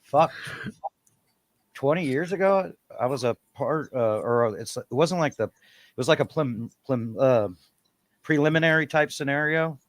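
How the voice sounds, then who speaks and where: A man's voice: medium pitch, unhurried, dry recording. A man co-hosting a casual talk show, rambling and swearing freely as he tells stories. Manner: crude, rambling, swears often. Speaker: podcast co-host. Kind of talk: casual chat.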